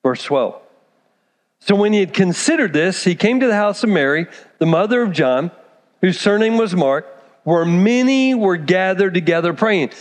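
Brief: high-pitched male pastor, animated sermon storytelling, long reverb of a church hall. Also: moderate pace. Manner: animated storytelling, acts out characters.

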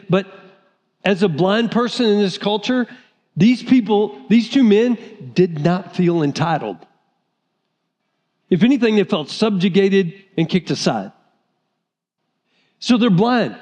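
A man preaching a sermon as pastor, animated, sometimes acting out the voices of people in the story. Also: high voice. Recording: reverberant hall.

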